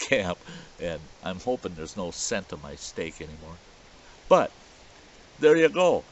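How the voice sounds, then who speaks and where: Folksy low-voiced campfire storyteller man. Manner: folksy, animated yarn-spinning. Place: outdoors at a campfire in the woods. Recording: dull lo-fi recording with faint hiss.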